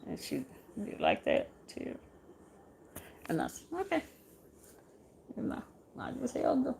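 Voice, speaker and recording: A middle-aged woman hosting a casual live chat, talking softly and haltingly, often repeating her words. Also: on the high side, wildly swooping pitch, vocal fry, a little hiss or hum. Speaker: show host.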